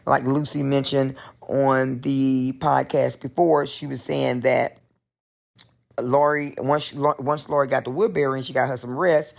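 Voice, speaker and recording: A woman with a thick Southern Georgia accent calls in with an emphatic, animated message. Her voice carries a gravelly fry. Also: a bass voice, measured pace. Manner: animated, emphatic, goes off on tangents. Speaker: caller leaving a voice message. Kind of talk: recorded voice message, casual rant.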